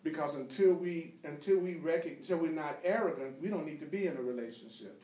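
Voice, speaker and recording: A man with a slightly high voice teaches a spiritual class in a conversational way. He drives points home through repetition and slips into jokes. The room echoes and he sits some distance from the mic. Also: fairly quick, mellow. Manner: emphatic, repeats phrases, breaks into laughter and jokes. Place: meeting room with a small group, streamed live.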